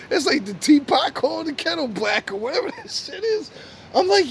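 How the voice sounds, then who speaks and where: A man's voice: very high voice, normal speed, slight background noise. A man ranting casually to camera in profane slang, laughing often between lines and sounding amused and mocking. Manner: animated, mocking. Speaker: vlogger.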